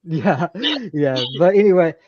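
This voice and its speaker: A man's voice: fairly high pitch, unhurried, dry recording. A man hosting a casual live stream who agrees readily and rambles, with restarts. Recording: slightly muffled lo-fi mic.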